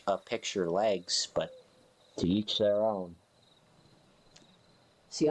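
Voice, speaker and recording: Sleepy and yawning, a deep-voiced man chats casually on a live stream. He rambles slowly in a playful, offhand way.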